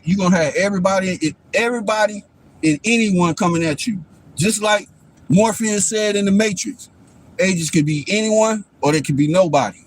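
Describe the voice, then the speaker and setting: A man with a notably high-pitched voice holds forth on a livestream in a loose, rambling monologue. He swears freely, preaches his points, and keeps checking that the listener is following along. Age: adult father. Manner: profane, preachy, keeps asking "you know what I'm saying". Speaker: livestream host.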